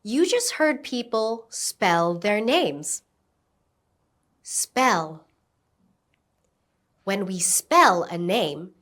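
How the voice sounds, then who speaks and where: A woman teaching an English lesson, giving slow, carefully enunciated instructions and modelling words for repetition. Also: mid-range voice, fairly bright tone. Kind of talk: slow, clear classroom instruction.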